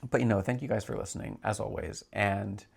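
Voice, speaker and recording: A man's voice: lowish voice, steady tone, brisk, vocal fry, husky. A man in his thirties hosting a solo podcast, talking in a chatty, rambling way with many filler words. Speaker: podcast host.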